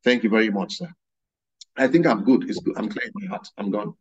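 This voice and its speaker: Husky man preaching with passion. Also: fairly low pitch, lively intonation, brisk, lo-fi sound. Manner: impassioned storytelling preaching. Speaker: guest preacher. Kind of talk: sermon.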